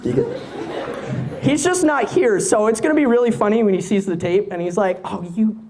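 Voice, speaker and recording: Young male comic, late teens, higher voice with a lot of bounce. Rambly and self-amused on a stage mic. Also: lively intonation, brisk, darkish tone. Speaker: stand-up comedian. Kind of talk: live stand-up comedy. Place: live venue stage.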